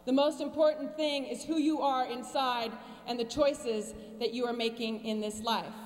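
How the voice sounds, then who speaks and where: A woman's voice: a little high, normal speed. Wry woman in her forties, echoing hall. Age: 40s. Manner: wry, sarcastic humor with deadpan asides. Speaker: commencement speaker. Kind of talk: commencement speech. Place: large graduation ceremony venue. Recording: long hall reverb with faint hum.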